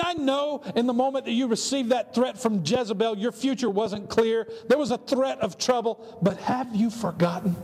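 A man's voice: very high voice, darkish tone, a little hiss or hum, pitched above the performer's own voice. A man preacher voicing God as a mighty, patient male deity who speaks emphatically and asks pointed rhetorical questions. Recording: long hall reverb, faint ambience.

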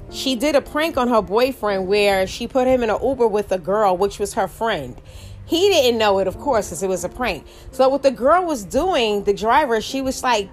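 A middle-aged woman vlogging, telling a story in a rambling, emphatic way, full of asides and restarts. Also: medium pitch. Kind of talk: casual storytelling monologue.

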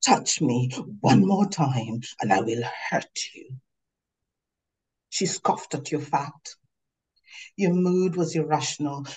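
A woman author reading aloud from her novel in a measured, literary way. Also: fairly low pitch, darkish tone, low-quality recording.

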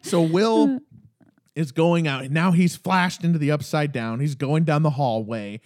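Animated high-voiced man, podcast chat. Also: unhurried. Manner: animated, laughs often, addresses characters directly. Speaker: podcast co-host. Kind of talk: casual rewatch podcast chat.

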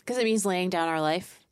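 Low-voiced woman podcast co-host. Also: clear, resonant tone, dry recording, studio quality. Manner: candid, warm affirmations, laughs through lines. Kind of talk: casual faith podcast chat.

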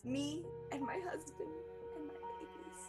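An actress playing a childlike grown woman who pleads with her stern mother in an earnest, halting way. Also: sits high, fairly even intonation, loud music behind the voice. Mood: pleading. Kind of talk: stage drama acting.

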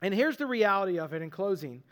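A man with a high voice preaches in an earnest, conversational way. He acts out the lines he quotes and reads scripture in between. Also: sing-song, fast, fairly bright tone. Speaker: pastor. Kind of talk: sermon.

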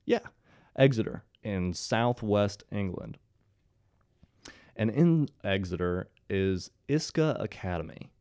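A young commentary host from Ohio, USA, in his twenties, tells his viewers a story casually, tossing in jokey, sarcastic asides to the audience. His voice is low and darkish in tone, clear and resonant. The recording is dry, with clean studio sound.

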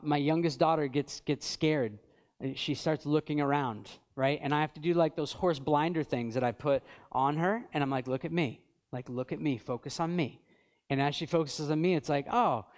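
A man in his thirties preaching a sermon as pastor, reading scripture with emphasis and swinging between fervent peaks and quiet lows. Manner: earnest, builds to fervent peaks then drops quiet; reads scripture aloud with emphasis.

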